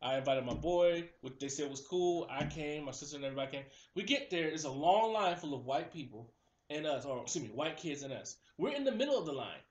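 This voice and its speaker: A young man in casual chat, telling a story in an animated way and acting out the people in it. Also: on the high side, brisk, roomy sound, dull audio. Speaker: host.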